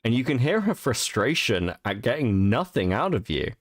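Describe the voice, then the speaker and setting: A man's voice: medium pitch, very animated, normal speed, dry recording, studio quality. A tired man hosting a stream, swearing freely and laughing as he reacts to a clip. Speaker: stream host. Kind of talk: casual reaction commentary.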